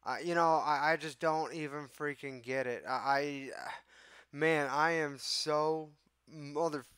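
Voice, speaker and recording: Exasperated, swearing livestream host. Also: male voice, a little high, steady tone, takes it slowly, a bit bright, clean tone, no echo, studio quality. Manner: exasperated, profane, talks to chat. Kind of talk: casual live-stream talk.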